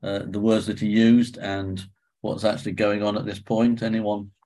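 A man with a somewhat low voice leads a small Bible study group. He talks in a hesitant, searching way, full of ums and restarts as he draws answers from the group. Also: flat delivery, moderate pace, mellow. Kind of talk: leading a group discussion.

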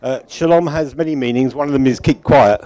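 A man's voice: mid-range voice, a little fast, warm tone. A man giving an informal, rambling closing address at a church conference. He chuckles often and keeps correcting himself. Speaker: conference organiser addressing congregation.

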